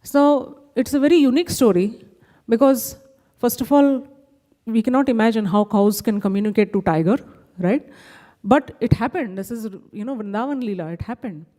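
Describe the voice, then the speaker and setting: A woman gently telling a devotional story at a temple, explaining as she goes and often checking in with "right?". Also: fairly high pitch, normal speed. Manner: gentle, explanatory, with frequent "you know" and "right?". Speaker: speaker at a temple class. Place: temple hall. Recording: long hall reverb.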